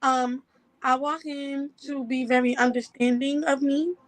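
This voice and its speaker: Hesitant young woman, bright high voice, dry mic. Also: fairly even intonation, measured pace, no echo, rough recording. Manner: hesitant, many ums. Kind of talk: casual podcast talk.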